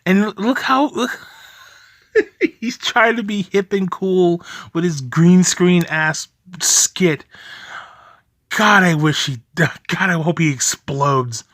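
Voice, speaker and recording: A man's voice: sits high, slow, fairly bright tone, no echo, clean studio sound. A young man giving angry reaction commentary on a video, ranting profanely and laughing bitterly as he talks.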